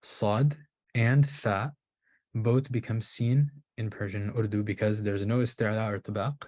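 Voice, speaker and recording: Low-voiced man explaining at length. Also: steady tone, a little slow, a little mellow. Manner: thinks aloud with restarts, asks "right?". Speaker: Qur'an recitation teacher. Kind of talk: explanatory lecture.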